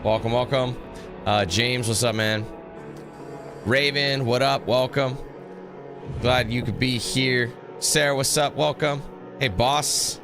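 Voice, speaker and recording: A man's voice: medium pitch, fairly even intonation, takes it slowly, pauses often. A young man giving casual, rambling gameplay commentary, greeting viewers and laughing easily. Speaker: gaming YouTuber. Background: music.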